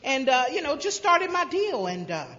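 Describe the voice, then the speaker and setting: A woman from South Carolina tells her recovery story from a stage, bright and forceful, acting out voices with wry humor. The recording is dull and lo-fi, and long reverb hangs in the big convention hall. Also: sits high, moderate pace. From Greenville, South Carolina. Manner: lively storyteller who acts out voices with humor. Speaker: recovery speaker. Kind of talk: personal recovery story told to a crowd.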